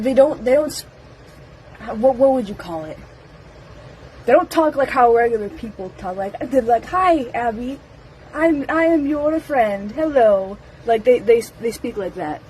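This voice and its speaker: Young woman vlogger, kinda high voice, excitable rambly chat w lots of ums and giggles, faint noise behind. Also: rough recording. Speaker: fan vlogger. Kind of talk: casual rambling first-impressions talk.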